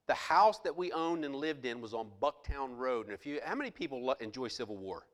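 A male pastor preaching a sermon with passion, swinging between loud outbursts and hushed asides. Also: mid-range voice, lively intonation, a little fast, big-room sound.

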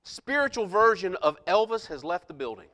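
A middle-aged pastor with a high-pitched voice preaches to his congregation, telling a story about himself with lively, self-mocking humor. His voice rings out in a large church sanctuary with a long, trailing reverb. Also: moderate pace. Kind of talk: storytelling sermon.

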